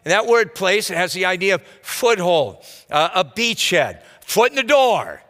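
A male pastor giving a midweek sermon in a lively, conversational way, full of rhetorical asides. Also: sits high, moderate pace, big-room sound. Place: church.

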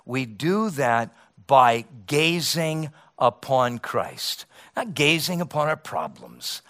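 A middle-aged man preaching a sermon as pastor, emphatic, with rhetorical questions and dramatic pauses. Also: mid-range voice, very animated, sharp tone.

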